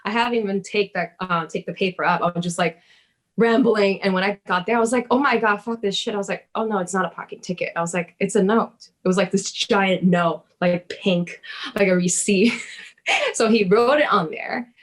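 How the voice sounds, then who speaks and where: A woman telling a personal story in casual chat, lively, swearing and laughing, acting out her own past words. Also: medium pitch, fairly quick.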